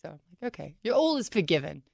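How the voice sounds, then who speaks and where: A woman's voice: fairly low pitch, sing-song, fast, creaky, darkish tone, no room sound, studio quality. A woman in her thirties with an English accent, guesting on a radio show, chatting in a jokey, self-mocking way. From England. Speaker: guest wrestler. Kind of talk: casual interview chat. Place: radio studio.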